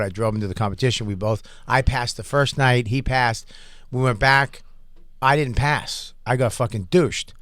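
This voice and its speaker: A man in his forties with a medium-pitched voice, recorded dry at a close studio mic. He is a comedian telling stories in a casual, profane way. He acts out the other people's lines as he goes. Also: no echo. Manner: profane, animated storyteller who acts out quotes. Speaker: comedian and podcast host. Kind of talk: casual storytelling chat.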